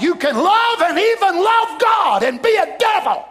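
High-voiced older preacher, shouting fervently. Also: male voice, big pitch swings, unhurried, some chatter behind. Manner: fervent, often shouting, swings between loud and hushed. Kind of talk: revival sermon.

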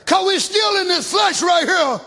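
Male preacher, shouting sermon with hallelujahs, very high, bright voice. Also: a little slow, vocal fry. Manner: shouting, call-and-response hallelujahs; colloquial, folksy speech.

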